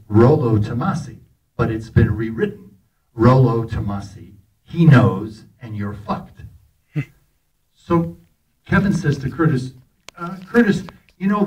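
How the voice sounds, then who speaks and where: Older man telling animated stories from afar. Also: medium pitch, slow. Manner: animated, laughing, acts out quoted lines. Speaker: actor telling stories about a film. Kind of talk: anecdotal storytelling to an audience. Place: festival talk in a hall. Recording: voice picked up from a distance.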